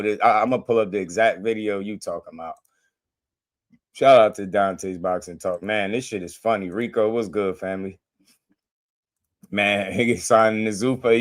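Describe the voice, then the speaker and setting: A man hosting a boxing live stream. He chats casually in slang and laughs constantly as he reacts to clips. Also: fairly low pitch.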